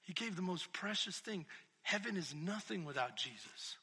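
High, bright preacher with a gravelly edge. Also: male voice, animated, normal speed, big-room sound. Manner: swings from shouted, emphatic preaching to hushed, intimate reflection. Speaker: pastor. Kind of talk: sermon.

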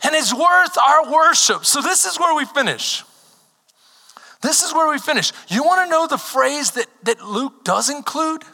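A man preaching a sermon as pastor, telling stories with animation and building to shouted calls to the congregation. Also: very high-pitched, measured pace, gravelly. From Texas. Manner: animated storytelling, rising to shouted exhortation. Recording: long hall reverb.

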